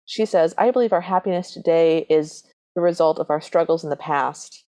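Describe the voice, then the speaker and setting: Low-voiced woman podcaster, dry asides. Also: normal speed, mellow. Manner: dry, reads from her notes, wry asides. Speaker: podcast co-host. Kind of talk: casual chat retelling a movie plot.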